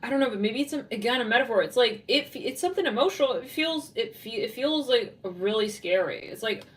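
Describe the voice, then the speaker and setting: Fast and expressive, a woman's fairly high voice carries a Californian accent as she does a giggly, rambling tarot reading full of "like." The mic sits at a distance.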